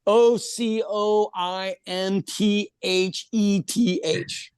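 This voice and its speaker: A man's voice: high voice, fairly even intonation, extremely slow, smooth, dry recording. Man from Ireland, podcast co-host, casual chat, laughs a lot, stumbles on starts, dry close recording. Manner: laughs often, repeats words when starting.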